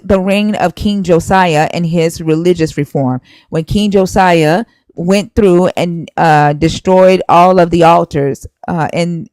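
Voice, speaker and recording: A woman's voice: fairly low pitch, a little mellow, no echo, rough recording. Woman streamer ranting at someone, emphatic and scolding, dry close sound. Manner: emphatic, scolding, cites scripture. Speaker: live stream host. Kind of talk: heated live-stream argument.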